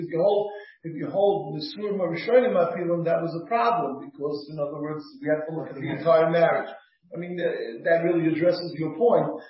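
A man teaching a class as a rabbi, talking casually and thinking aloud, with frequent fillers and restarts. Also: on the high side. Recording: echoey, muffled room recording.

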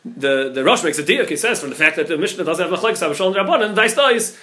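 A man, a rabbi, giving a Talmud class, talking quickly with many restarts and repeated words. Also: high-pitched, animated, bright, forceful tone. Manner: rapid, repeats words and restarts, mixes Hebrew and Yiddish terms into English. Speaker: rabbi teaching a daily Talmud page.

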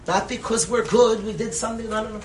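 A man giving an impassioned sermon as a rabbi. He swings between loud emphasis and soft, hushed phrases, and repeats lines for stress. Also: high voice, fairly even intonation, fast talker, a little hiss or hum, poor audio.

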